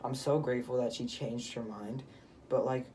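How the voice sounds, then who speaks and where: A teenage boy recounting a story to his viewers in a loose, rambling way, full of fillers and restarts. His voice is dark and mellow, with a mid pitch. A faint hiss sits under the recording. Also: fairly even intonation, moderate pace, recorded from a distance. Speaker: vlogger. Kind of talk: casual story time.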